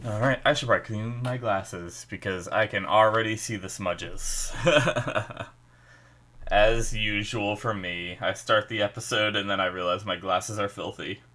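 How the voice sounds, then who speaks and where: A man's voice: lowish voice, unhurried, sharp tone. A man hosting a casual reaction video, chatting and thinking aloud as he watches, his nose slightly stuffy.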